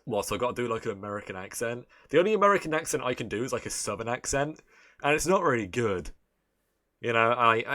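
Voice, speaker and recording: Male streamer, mid-pitched, loose and profane, rambles between jokes. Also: lively intonation, brisk, a bit bright. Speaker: live-stream host. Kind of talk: casual live-stream commentary.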